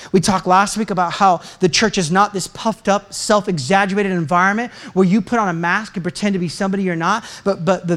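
Animated American pastor preaching. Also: mid-range voice. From United States. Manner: storytelling, self-deprecating, animated delivery. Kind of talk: sermon.

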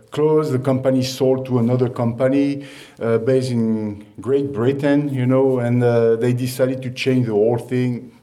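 A chef and restaurant owner giving an informal talk to an audience, halting with many fillers and restarts. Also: male voice, medium pitch, dark tone. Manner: storytelling, laughs at own anecdotes.

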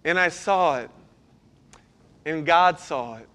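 A middle-aged man, a pastor, preaching a sermon and telling stories, sometimes breaking into loud bursts. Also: fairly high pitch, takes it slowly. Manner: storytelling, animated with sudden loud bursts.

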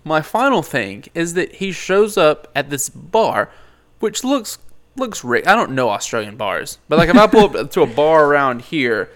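A man's voice: on the high side, very animated, normal speed, fairly bright tone. A man chatting casually about a movie, rambling with lots of fillers and jokes. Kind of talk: casual movie review chat.

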